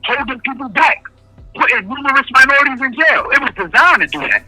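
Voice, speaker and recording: A man's voice: very high voice, expressive, brisk, bright, forceful tone, no echo, soft background music. A man speaking over a phone call from prison in an interview, talking emphatically and hammering his points home by repeating key phrases in casual street speech. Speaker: incarcerated interviewee. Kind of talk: impassioned interview answers.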